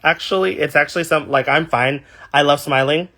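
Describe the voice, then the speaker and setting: A man's voice: on the high side, fairly quick, bright, forceful tone. A young man from California, a drag performer, chatting casually on a livestream and reading viewer comments aloud.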